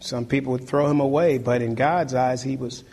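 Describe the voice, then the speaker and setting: A man's voice: medium pitch, steady tone, normal speed, darkish tone. A man preaching a sermon, exhorting his listeners and hammering home key phrases through repetition.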